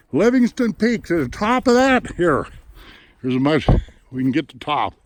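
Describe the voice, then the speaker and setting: A man's voice: high-pitched, fairly bright tone, no room sound. A middle-aged man chatting casually as he films a mountain trail outdoors, a bit out of breath, folksy and plain-spoken, recorded on a handheld camera mic. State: somewhat out of breath. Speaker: hiking vlogger. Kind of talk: casual narration while hiking.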